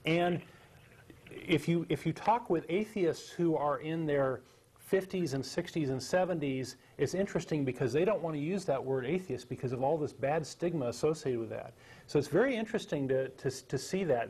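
A man's voice: on the high side, a little mellow, breathy edge. A man co-hosting a studio panel discussion on a cable TV show, chatty and repeating words as he talks. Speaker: TV show co-host.

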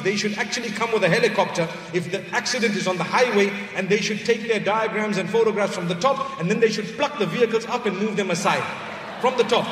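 A man giving a sermon, telling a personal story in a lively way and dropping low for asides. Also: slight background noise. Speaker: preacher. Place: large hall. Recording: echoey hall recorded from far off.

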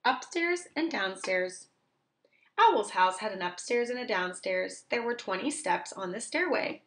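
A woman reading a children's storybook aloud, slow, clear and expressive for young listeners. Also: mid-range voice. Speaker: reader.

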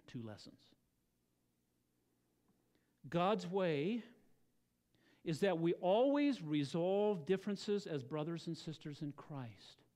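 A male pastor with a fairly high-pitched voice delivers a church sermon. He speaks earnestly and keeps turning to his listeners with rhetorical questions. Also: a little mellow.

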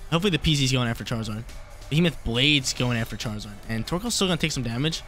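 A man talks through his own online battle at a quick clip, excitable and slangy, often saying a line twice. His voice sits at an everyday pitch, and a faint music track plays underneath. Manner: excitable, repeats himself, slangy. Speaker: game commentator. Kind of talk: casual play-by-play of an online battle.

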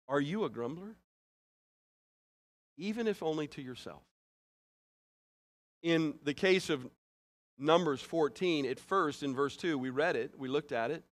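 A male pastor delivering a sermon with a fairly high voice for a man. He preaches in an earnest, conversational way, sometimes rising loud and sometimes dropping soft. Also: measured pace, long pauses.

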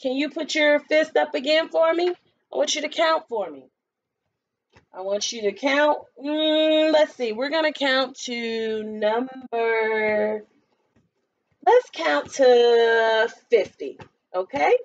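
A woman teaching a remote preschool lesson, using sing-song call-and-response prompts and slow counting, recorded on a laptop webcam at home. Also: sits high. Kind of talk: remote lesson for young children. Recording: dull lo-fi webcam audio.

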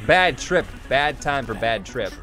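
Excitable young man gaming over music. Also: medium pitch, a little slow. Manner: excitable, swings from mumbling to whooping, swears freely. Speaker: gaming YouTuber. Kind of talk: Let's Play commentary. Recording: game music playing behind.

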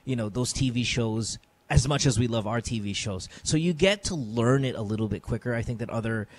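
A man's voice: mid-range voice, brisk. A man hosting an advice chat, playful and lecturing, slipping into Tagalog now and then. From Philippines. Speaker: advice show host.

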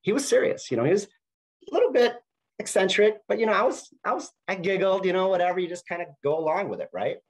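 A man's voice: high-pitched, animated, fast, low-quality recording. A middle-aged man giving a conversational storytelling talk, with frequent restarts. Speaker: speaker at a university talk.

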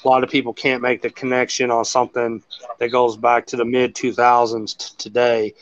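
A man with a mid-range voice hosts a casual conversation at normal speed, telling animated, profanity-laced stories that ramble. The recording is muffled, with no echo.

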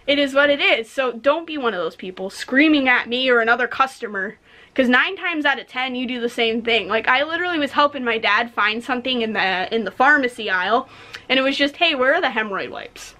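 High-pitched and fairly quick, this podcast co-host in her twenties launches into a casual rant. Her storytelling is animated, blunt, and full of profanity.

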